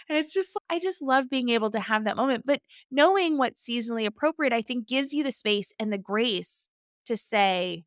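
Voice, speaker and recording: A woman's voice: a little high, lively intonation, brisk, a bit bright, no echo, studio quality. A woman in her thirties hosting a podcast interview, enthusiastic and chatty, often tagging her points with "right?". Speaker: podcast host. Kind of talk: casual interview chat.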